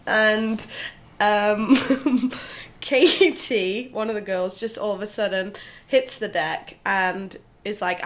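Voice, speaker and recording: A woman, a podcast guest telling a lively anecdote in a casual chat, laughing often as she goes. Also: medium pitch. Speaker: guest, professional golfer. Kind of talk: casual storytelling.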